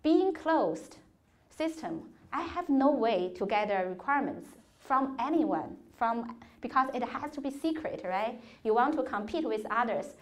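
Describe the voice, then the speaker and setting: A woman's voice: a little high, expressive, a little slow. A woman giving a workshop talk to students, telling career stories in earnest, non-native phrasing with a few restarts. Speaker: conference speaker. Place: lecture hall.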